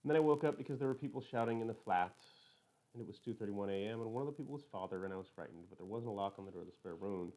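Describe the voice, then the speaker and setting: A man reading a first-person novel aloud in a plain, literal, even manner. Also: on the low side, racing, low-quality recording. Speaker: audiobook reader.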